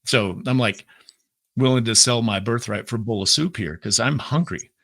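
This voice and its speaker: A man, a guest on an interview show, telling a story in a casual, lively way and acting out what he said back then. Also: mid-range voice, moderate pace, vocal fry, no room sound, clean studio sound. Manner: lively storyteller who acts out his own quotes; talks in bursts with many fillers and restarts. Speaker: podcast guest.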